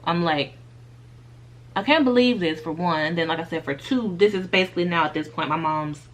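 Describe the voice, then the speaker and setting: Young woman vlogging a real life update, lowish voice, chatty, calls everyone y'all, laughs through the sad parts. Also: fairly bright tone. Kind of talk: candid life-update storytelling.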